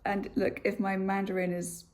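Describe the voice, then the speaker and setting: A young British woman talking casually to camera as a vlogger and English teacher, playful and animated, jumping high in pitch when she stresses a word. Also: moderate pace. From United Kingdom.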